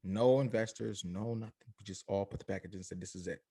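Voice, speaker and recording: A young adult man, a company founder, telling his story in an interview, animated and acting out family voices. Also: lowish voice, quick pace, husky, no echo, studio quality.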